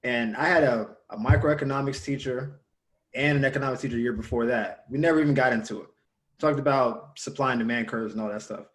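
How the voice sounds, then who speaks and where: A man's voice: medium pitch, quick pace. Man telling a casual story. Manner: storytelling, animated when quoting others. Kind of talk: casual conversation.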